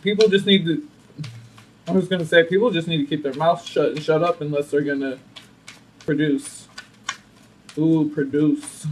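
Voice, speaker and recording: High-voiced sassy man reading tarot. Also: distant mic, slight background noise, poor audio. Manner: sassy and animated, laughs often. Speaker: tarot reader. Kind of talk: casual tarot reading to camera.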